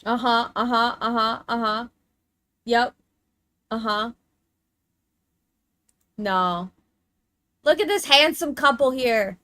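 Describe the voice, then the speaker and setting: A woman's voice: fairly high pitch, slow pace, pauses often, sharp tone, dry recording. A woman streamer chatting casually while showing pictures, gushing and cooing in baby talk, with casual swearing.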